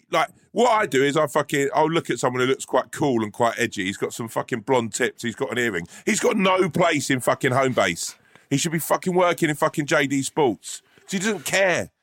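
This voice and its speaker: A man's voice: a little high, a bit bright, no echo, clean studio sound. A man, telling rambling, sweary stories in a casual podcast chat. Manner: sweary, ranting storytelling.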